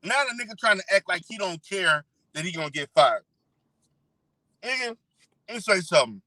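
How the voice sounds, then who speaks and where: A man's voice: high voice, expressive, fairly quick, bright, forceful tone, no room sound, poor audio. A man streaming a scornful, profane rant about another streamer. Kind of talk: ranting commentary.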